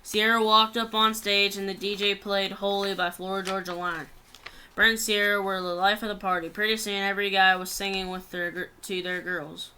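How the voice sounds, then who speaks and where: A woman's voice: mid-range voice, flat delivery, normal speed, bright, forceful tone, a little hiss or hum. A woman reading a long story aloud in a plain way, often stumbling and restarting words.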